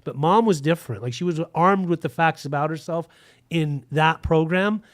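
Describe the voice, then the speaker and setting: A man's voice: on the high side, normal speed, dry recording. Frank, rambling man with a dry sound. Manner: rambling, frank, full of "like" fillers. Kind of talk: casual storytelling in a podcast interview.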